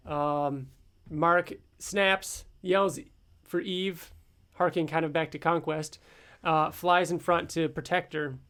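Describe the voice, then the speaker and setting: A man's voice: fairly high pitch, fairly even intonation, slow, a bit bright, clean tone. A man co-hosting a podcast, casually recapping a comic issue with frequent ums and uhs. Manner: summarizes plot with many ums and uhs. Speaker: podcast co-host.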